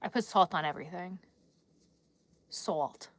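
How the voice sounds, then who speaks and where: A woman's voice: mid-range voice, lively intonation, normal speed, sharp tone, no room sound. Chatty New Jersey woman on a livestream. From Newark, New Jersey. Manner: chatty and rambling, answering chat while crocheting. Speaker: livestream host. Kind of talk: casual livestream chat.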